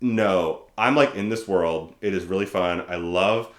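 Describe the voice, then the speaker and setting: Low-voiced man chatting in a roomy echo. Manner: animated storytelling with quick mock voices. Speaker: podcast co-host. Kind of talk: casual chat. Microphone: desk microphone.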